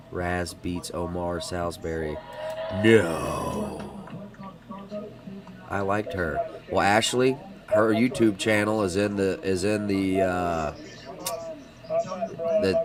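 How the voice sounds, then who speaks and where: A man's voice: lowish voice, distant mic. A man hosting a live stream in casual commentary, chatting and reading viewer messages aloud with a self-mocking manner.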